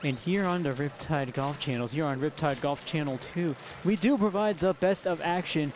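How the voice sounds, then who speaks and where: Worn-voiced, high-pitched male esports caster. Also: slight background noise. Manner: quick, chatty play-by-play with jokey asides. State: strained, worn voice late in the day. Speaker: esports commentator. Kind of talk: live tournament commentary. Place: tournament venue.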